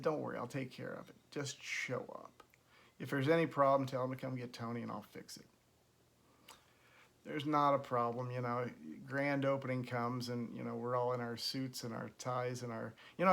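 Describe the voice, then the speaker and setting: A middle-aged man hosting his own show, telling a story in a casual, animated way and acting out the voices he quotes. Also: mid-range voice, gravelly. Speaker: host.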